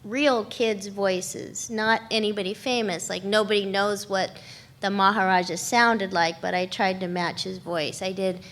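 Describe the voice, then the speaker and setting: A woman's voice: mid-range voice, fairly even intonation, unhurried, fairly bright tone. A woman voice actress chatting on a convention panel, laughing often and searching for words as she talks. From Los Angeles. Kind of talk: casual panel talk.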